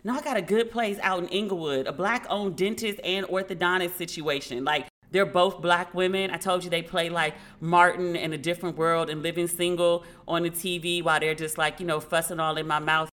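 A woman's voice: fairly low pitch, fairly quick, hardly any pauses. A woman podcast host chatting casually and frankly, swearing now and then and acting out the dialogue in her stories. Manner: animated storyteller who acts out dialogue.

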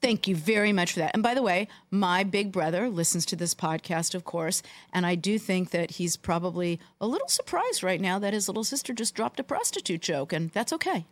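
A woman co-hosting a football podcast, telling jokes and stories in an animated way. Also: mid-range voice, a little fast, hardly any pauses, no room sound. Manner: storytelling, animated. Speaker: podcast co-host. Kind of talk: casual sports chat.

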